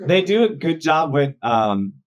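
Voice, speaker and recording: A man leading a casual Bible study, chatty and quick to laugh, filling his talk with "um" and "like". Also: fairly high pitch, very animated, muffled recording. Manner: chatty, laughs often, many fillers like "um" and "like".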